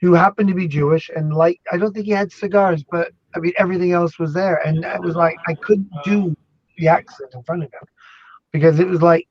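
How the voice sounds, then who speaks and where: Chatty guy, kinda high voice, jokes around, dry dull mic sound. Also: brisk. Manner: animated, rambling, jokey. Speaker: academic guest. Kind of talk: casual chat.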